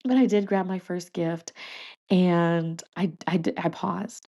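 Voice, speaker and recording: A woman's voice: lowish voice, flat delivery, slow, gravelly, dark tone. A woman, hosting a podcast and telling a personal story in a chatty, emotional way, laughing and restarting often. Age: 30s. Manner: addresses listeners as y'all and you guys. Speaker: podcast host.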